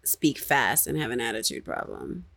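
A woman from New York hosting a podcast, chatting casually in quick, playful banter. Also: a bass voice, sing-song, gravelly, fairly bright tone. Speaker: podcast host. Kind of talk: casual chat.

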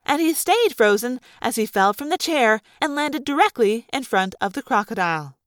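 Woman reading an audiobook, lively up-and-down voice, a bit high, dry close mic. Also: normal speed, no room sound. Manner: animated, dramatic reading. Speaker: audiobook reader. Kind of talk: first-person audiobook narration.

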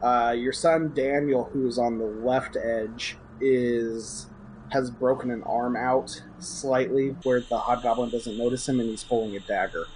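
A man's voice: medium pitch, steady tone, measured pace, a little mellow, slight background noise, low-quality recording. A man narrating a tabletop game as game master, with fillers and restarts.

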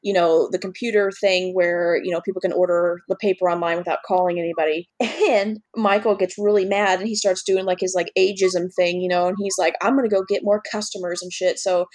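A woman co-hosting a podcast in casual chat, animated, swearing often and acting out scenes. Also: lowish voice, fairly quick, hardly any pauses, dry recording. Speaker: podcast co-host.

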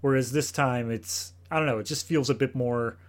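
A man's voice: medium pitch, fairly even intonation, moderate pace. Easygoing American man on a podcast. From United States. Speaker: podcast co-host. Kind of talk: casual film review chat.

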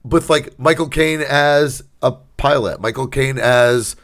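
A man in the middle of a relaxed podcast chat, retelling a movie with a dry, sarcastic edge. His voice sits at an ordinary middle pitch, and he drops into snappy little impressions of the characters as he goes. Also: a little slow. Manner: sarcastic storytelling, acts out quotes. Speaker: podcast co-host. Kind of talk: casual chat.

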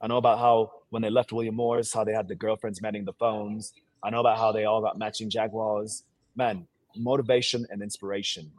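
A man's voice: fairly low pitch, flat delivery, a little fast, a little mellow, dry recording. A man from Sierra Leone speaking with a put-on English accent, an actor talking energetically and boastfully as a guest co-host. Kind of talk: casual interview chat.

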